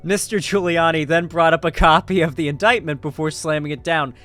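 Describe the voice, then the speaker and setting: A man's voice: fairly high pitch, fairly even intonation, brisk, fairly bright tone, soft background music. Sarcastic, swearing commentary guy. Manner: sarcastic, swears freely, trails off mid-sentence. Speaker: political commentary YouTuber. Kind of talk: reading news with casual commentary.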